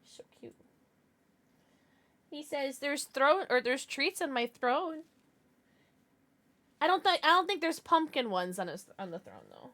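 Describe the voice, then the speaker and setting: Bright, lively woman streamer. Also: sits high, measured pace. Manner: bubbly, coos over her pets, laughs often. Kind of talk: casual livestream chat.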